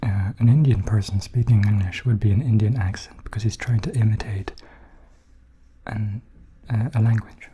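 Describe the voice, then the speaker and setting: Man in dark-toned whispered role-play. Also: lowish voice, fairly even intonation, normal speed, a little hiss or hum. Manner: rambling whispered chat between bites of food. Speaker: ASMR creator.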